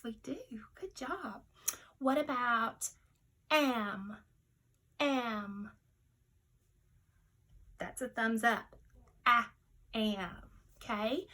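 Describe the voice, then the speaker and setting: In a slow, encouraging, sing-song teacher voice, a woman leads young children through a phonics lesson, sounding out letters and words. Her voice is high and a bit bright.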